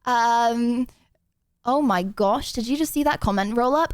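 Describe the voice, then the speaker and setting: Giggly and rambling, a young woman with a bright, high voice chats to her live-stream audience, full of ums and restarts. Her pace is measured and her tone clear and resonant. A desk mic gives a dry, close sound with no echo.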